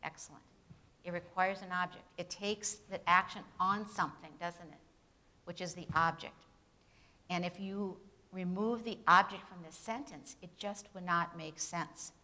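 A woman teaching an English grammar lesson at a Bible institute. She puts questions to her students, answers them herself with tag questions, and reads example sentences with clear emphasis. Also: fairly low pitch, moderate pace, pushed and bright. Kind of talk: classroom lecture with questions to students.

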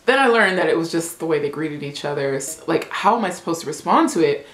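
A young American woman vlogging, animated and playful, laughing often as she talks to the camera. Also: low-pitched, quick pace, roomy sound. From United States. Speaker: travel vlogger. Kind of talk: casual comedic vlog.

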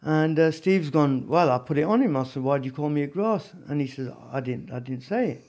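A man telling prison stories as a podcast guest, animated and often adding "you know what I mean". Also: on the high side, a little fast. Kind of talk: storytelling in a casual interview.

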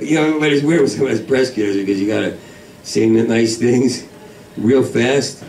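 A man with a New York accent doing a stand-up routine in a comedy club, manic and rambling, swinging from yells to mutters. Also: mid-range voice, normal speed, a little hiss or hum. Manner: manic, rambling, swings between yelling and mumbling. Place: comedy club main room. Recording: roomy club sound from a far mic, audience laughter.

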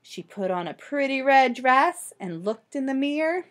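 High, animated woman reading a picture book. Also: unhurried, hardly any pauses. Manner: expressive, asks listeners questions. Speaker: storybook reader for children.

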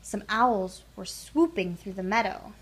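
A woman storyteller reads a children's picture book aloud, expressive and sing-song, her medium-pitched voice a little slow.

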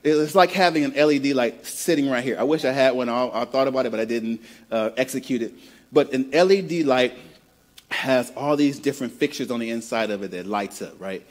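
A man from the American Midwest preaching a sermon in an easygoing, conversational way. He doubles back on his words and repeats phrases as he works toward a point. His voice sits at a middle pitch for a man. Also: fairly quick. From Midwest of the United States. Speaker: pastor.

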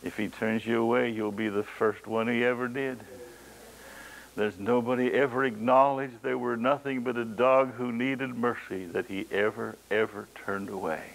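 A man's voice: medium pitch, fairly even intonation, moderate pace, gravelly, low-quality recording. A man preaching a sermon, with dramatic swings in his delivery, folksy storytelling asides and occasional chuckles.

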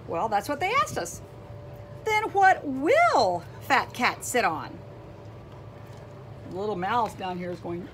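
Slow, animated woman reading aloud. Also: medium pitch, noisy background. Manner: animated, exclaiming, asks listeners questions. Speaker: children's storybook reader. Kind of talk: read-aloud for young children.

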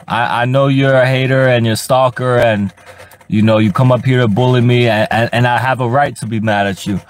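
A livestreamer rambles to his chat from inside his parked car, frustrated and profane, stammering over repeated words. His medium-pitched voice is fairly even in intonation and fairly quick.

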